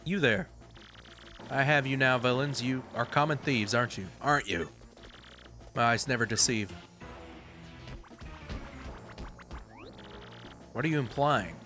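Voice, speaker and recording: Man playing a pompous gentleman detective. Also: mid-range voice, moderate pace, long pauses, faint music behind, lightly acted. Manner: pompous, theatrical, self-important.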